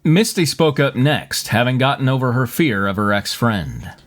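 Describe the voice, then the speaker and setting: A man's voice: mid-range voice, expressive, normal speed. A male podcast host reading fanfiction aloud for laughs, mock-dramatic and often breaking into laughter.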